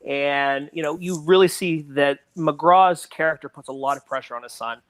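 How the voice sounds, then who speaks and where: Male podcast guest, slightly high voice, dry close sound, rambling chat. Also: normal speed, fairly bright tone, clear, resonant tone, no room sound. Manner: rambling, full of "you know" fillers. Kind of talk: casual movie discussion.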